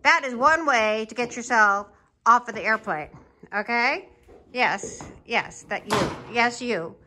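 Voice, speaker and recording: A woman's voice: fairly high pitch, measured pace, pushed and bright, slight background noise. A woman who works as a flight attendant, playfully running a mock in-flight meal service outdoors while feeding horses, with cheery, teasing cabin-crew patter.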